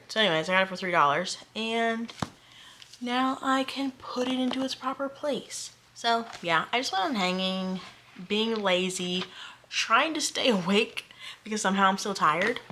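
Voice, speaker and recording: A woman's voice: mid-range voice, a little slow, sharp tone, a little hiss or hum. Chatty young woman vlogging about books. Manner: chatty, self-deprecating, rambling asides. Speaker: book vlogger. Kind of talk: casual chat. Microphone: camera mic.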